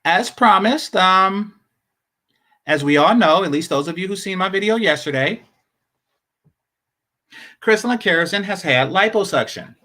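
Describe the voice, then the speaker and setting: A man's voice: high voice, animated, unhurried, long pauses, pushed and bright. A man hosting a commentary channel, talking casually and sarcastically, repeating his points for emphasis.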